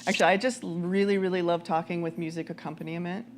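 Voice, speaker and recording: A woman minister giving a conversational, animated sermon with frequent laughter, then leading a prayer. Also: lowish voice, quick pace, slight background noise.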